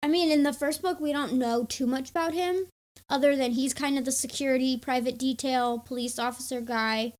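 A woman's voice: high voice, fairly even intonation, moderate pace. A young woman co-hosting a book podcast, chatting casually and acting out her own reactions as she recaps the plot. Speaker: podcast co-host.

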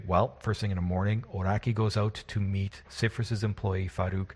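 A husky, low-voiced man who runs the game, recapping the session in a loose, rambling way and poking fun at himself. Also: flat delivery, normal speed. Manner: rambling and self-deprecating. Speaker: game master. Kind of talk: casual recap of a tabletop game.

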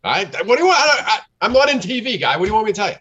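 A joking, teasing man in a casual group chat who says he talks too fast. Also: sits high, sing-song, a crowd in the background.

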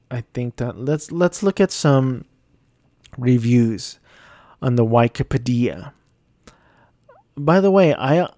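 A man's voice: medium pitch, mellow, no echo, studio quality. A man giving a casual, rambling movie review, hesitant and self-deprecating.

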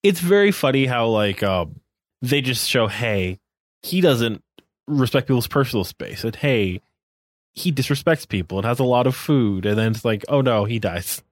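A man's voice: medium pitch, animated, moderate pace, no room sound. A man co-hosting a podcast, talking casually in a rambling, wry way with many fillers. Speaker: podcast co-host.

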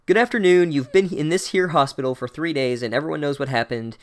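A man's voice: a little high, quick pace, lightly acted. A man doing a flippant old headmaster wizard. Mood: breezy. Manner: offhand, casual, flippant. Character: old male headmaster wizard, breezy and evasive.

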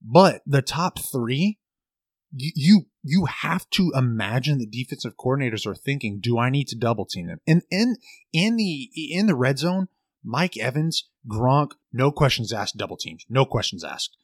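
A young man co-hosting a sports podcast, talking fast with lots of restarts and repeated words. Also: medium pitch, husky, dry recording. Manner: animated, stammering restarts. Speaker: podcast co-host. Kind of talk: casual sports chat.

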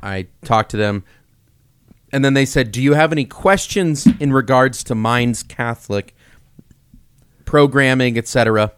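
A man's voice: mid-range voice, background noise. A man co-hosting a casual chat, bantering and poking fun at himself. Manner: quick banter, self-deprecating. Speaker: podcast co-host, campus minister.

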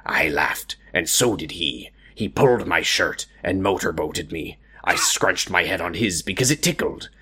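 Man putting on a hushed, whispery male pirate. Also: animated, breathy edge, exaggerated voice. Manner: slow, low, half-whispered reading. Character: hushed male pirate narrator, slow and breathy. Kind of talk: mock-serious reading of fan fiction.

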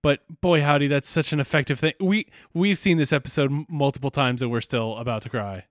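A man's voice: medium pitch, fairly quick, no echo, studio quality. A man co-hosting a podcast, chiming in with short, emotional reactions during a casual chat. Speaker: podcast co-host.

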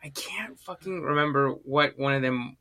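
A man's voice: medium pitch, normal speed, bright, forceful tone. A man co-hosting a podcast in casual chat, rambling with restarts and casual swearing. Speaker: podcast co-host.

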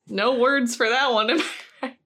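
A woman's voice: on the high side, fairly even intonation, moderate pace, fairly bright tone. A woman co-hosting a podcast, chatting casually in a dry, self-deprecating way and laughing often. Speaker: podcast co-host.

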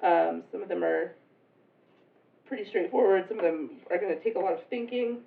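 A woman's voice: fairly low pitch, a little fast, gravelly. A woman who is sick, hosting a casual podcast chat with friends and laughing often. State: sick, congested. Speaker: podcast host and player. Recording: echoey room, distant mic, phone-like sound.

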